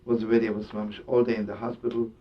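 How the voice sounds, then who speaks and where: Rapid-fire and flat in delivery, a man shares a sermon in story form, packed with Yiddish words and bursts of laughter. He is a rabbi and storyteller. The lo-fi recording is dull and distant, with a faint rumble.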